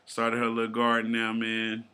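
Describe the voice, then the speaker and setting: A man's voice: medium pitch, completely flat delivery, moderate pace, bright, forceful tone, clean tone. A man with a Southern US accent co-hosting a podcast in a casual, laid-back, profane way. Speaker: podcast co-host.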